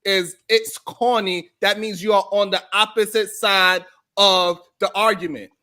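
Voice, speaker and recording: Man, high bright voice, pleading and orderly, debate caller. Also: steady tone, a little slow. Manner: pleading, trying to keep order.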